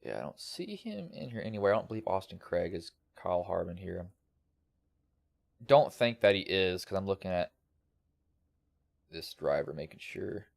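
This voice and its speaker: A man's voice: low voice, sing-song, normal speed, creaky, long pauses, no room sound. A male sim racing broadcaster with a slight country lilt, giving a casual, rambling post-race recap over a headset.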